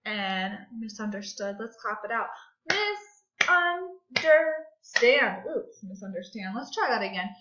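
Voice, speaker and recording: A woman teaching a second grade grammar and phonics lesson, clapping out syllables in a slow, sing-song teacher voice. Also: medium pitch, fairly bright tone. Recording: echoey room, dull lo-fi sound.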